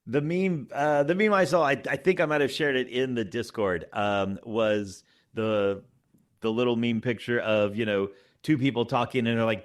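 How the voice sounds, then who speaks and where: A man hosting a casual roundtable chat as dungeon master, animated and chatty with filler words, on a remote call microphone. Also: mid-range voice, moderate pace.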